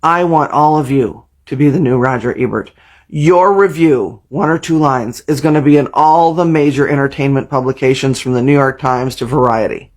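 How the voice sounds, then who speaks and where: A man's voice: medium pitch, moderate pace. A man joking crudely and speaking straight to his viewers in a reaction vlog. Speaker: comedic vlogger.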